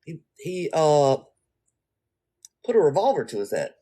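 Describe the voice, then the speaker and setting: Here a man chats through an anecdote in a loose, animated way, full of slang and addressed right to the people listening. His pitch is fairly high and his pace measured.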